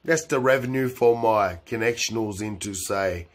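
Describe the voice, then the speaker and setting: A man telling a meandering improvised story, full of fillers, swinging between loud bursts and low murmurs. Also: normal speed, hardly any pauses.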